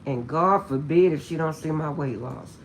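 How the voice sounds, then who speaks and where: With a deep, gravelly voice touched by vocal fry, a woman vlogger talks casually to her audience at a moderate pace. She laughs a lot as she animatedly tells her story, repeating that she's being serious, over faint background hiss.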